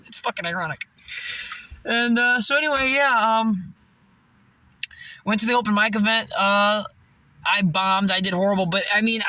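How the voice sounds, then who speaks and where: A young man vlogs in a loose, rambling way, swearing freely and breaking into laughter. His voice sits high and sounds sharply bright. The recording is dry, with the mic set a little distance away. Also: dry recording. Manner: profane, laughing often, rambling. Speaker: vlogger. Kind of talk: casual vlog monologue. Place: living in his car.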